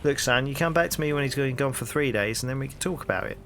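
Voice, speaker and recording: A man voicing a gruff, lazy male London street copper in a point-and-click game, talking in brash Cockney rhyming slang. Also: mid-range voice, fast talker, a bit bright, a little hiss or hum, natural voice.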